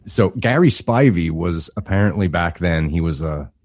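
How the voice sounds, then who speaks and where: A man in his thirties co-hosting a wrestling podcast, explaining things in a relaxed casual chat with mild cursing. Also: low-pitched, moderate pace, dry recording. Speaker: podcast co-host.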